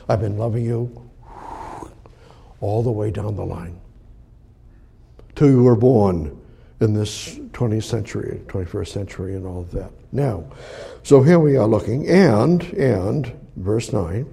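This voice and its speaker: Gravelly-voiced man preaching emphatically. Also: medium pitch, unhurried. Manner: emphatic, repetitive, swings between loud declarations and soft near-whispers. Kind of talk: sermon.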